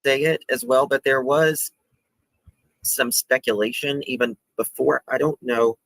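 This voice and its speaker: A man explaining a video on a call, halting and restarting as he walks through the footage. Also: mid-range voice, steady tone, creaky, fairly bright tone, no echo, poor audio. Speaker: guest presenting a video.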